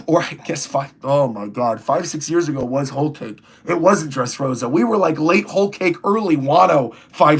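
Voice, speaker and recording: A young male streamer with a fairly high, breathy-edged voice reacts to a comic chapter on a livestream. He chats casually, rambling through his thoughts and reading viewer comments out loud.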